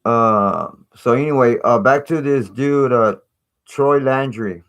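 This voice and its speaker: A man's voice: medium pitch, slow, fairly bright tone. Casual male live-stream host, middle-aged, rambling conspiratorial chat.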